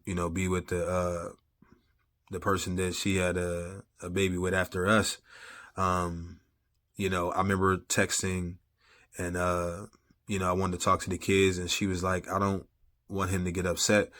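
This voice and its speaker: A man's voice: sits low, a bit bright. A man speaking casually about faith and family, talking to viewers in a loose, conversational way with lots of "you know what I'm saying" fillers. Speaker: vlogger sharing personal testimony. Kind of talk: casual faith-based storytelling.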